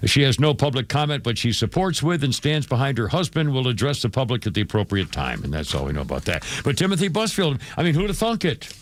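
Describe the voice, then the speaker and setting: A man's voice: medium pitch, sing-song, quick pace, hardly any pauses. A man hosting a radio show, rambling through showbiz news in a casual chat with many fillers and chuckles.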